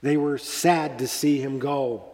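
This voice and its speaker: A man preaching a sermon as pastor, slow and deliberate, lifting his voice on emphatic phrases. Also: mid-range voice, steady tone, darkish tone, big-room sound.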